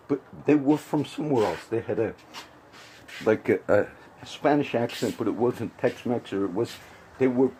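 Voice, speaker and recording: A man's voice: fairly low pitch, a little mellow, slight background noise, poor audio. A man giving a casual, rambling spoken commentary with frequent restarts and asides. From grew up around Puerto Rican and Cuban friends.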